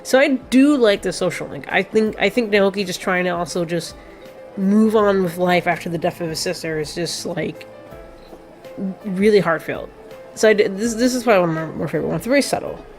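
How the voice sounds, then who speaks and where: A woman's voice: on the low side, brisk, faint music behind. A young woman giving rambling, sentimental commentary on a game as a let's play host, with many fillers. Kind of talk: casual gameplay commentary.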